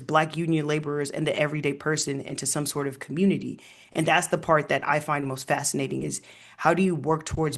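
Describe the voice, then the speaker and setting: Animated male historian, slightly high voice. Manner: animated storyteller with frequent ums and laughs. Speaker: historian guest. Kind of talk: casual interview conversation.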